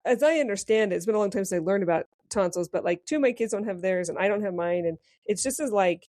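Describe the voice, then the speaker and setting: A woman in her forties co-hosting a podcast, chatty and supportive, quick to joke. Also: mid-range voice, a little mellow, no echo, clean studio sound. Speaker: podcast co-host. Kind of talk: casual chat.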